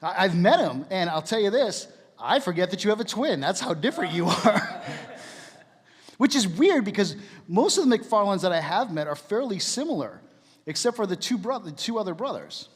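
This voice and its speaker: A man's voice: high-pitched, big pitch swings, normal speed, in a large hall. A man giving a casual, jokey church talk, asking the room questions as he goes.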